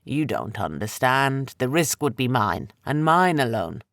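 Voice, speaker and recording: A man voicing an ancient, menacing sorcerer with slow, heavy, rasping speech for an audiobook. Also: mid-range voice, sing-song, fairly bright tone, dry recording, studio quality, full character voice.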